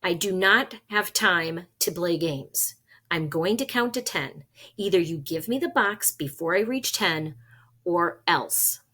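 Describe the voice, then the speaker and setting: A menacing gunman with a husky edge, as a woman reader puts him on, cold and threatening. He drags his words out slowly and leans on each one, like a storybook villain closing in. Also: fairly low pitch, expressive, pushed and bright, exaggerated voice. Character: menacing adult male gunman.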